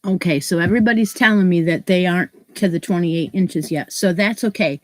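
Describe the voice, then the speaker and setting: A woman's voice: lowish voice, brisk. A woman hosting a crochet live stream, chatting casually and greeting viewers by name, her nose stuffed up from allergies. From New York State, US. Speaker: crochet channel host.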